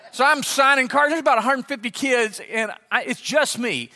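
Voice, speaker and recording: Middle-aged pastor doing a sermon, high voice, echoey church hall. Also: male voice, normal speed, few pauses. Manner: animated, acts out voices in anecdotes. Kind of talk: sermon with storytelling. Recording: long hall reverb.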